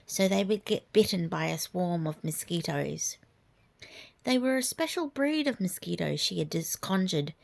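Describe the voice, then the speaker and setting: A woman reading a fairy tale aloud, softly and half-whispered. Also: fairly low pitch, creaky. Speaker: storyteller. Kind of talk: storybook reading.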